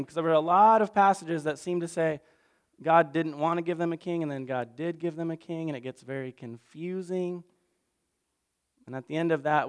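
With a clean voice on the higher side, a male pastor walks through a relaxed sermon recap. His style is chatty and self-deprecating, and he slips into small character voices as he talks.

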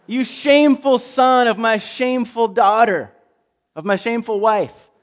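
Guy playing a furious scornful old king, clear voice, long hall echo. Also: extremely high pitch, measured pace, pitched above the performer's own voice. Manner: shouting insults, then cold and quiet.

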